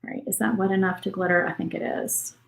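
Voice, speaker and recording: A woman's voice: medium pitch, fairly even intonation, quick pace, gravelly, roomy sound, low-quality recording. A woman, hosting a crafting livestream and chatting casually as she paints. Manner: chatty, thinks aloud while painting. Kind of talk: casual live crafting chat.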